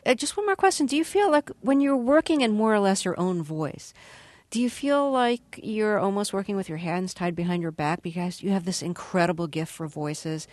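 A woman's voice: medium pitch, lively intonation, normal speed, a little mellow, no echo. A woman interviewing a guest, asking plain and curious questions.

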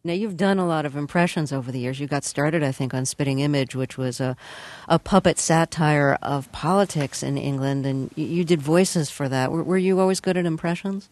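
A radio interviewer asking curious follow-up questions. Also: male voice, fairly high pitch, a little fast, few pauses, a little mellow, no room sound.

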